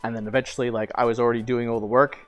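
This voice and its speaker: A man's voice: medium pitch, flat delivery, racing, faint music behind. A young man streaming, casually telling a long story with lots of "like" fillers, swearing and laughter.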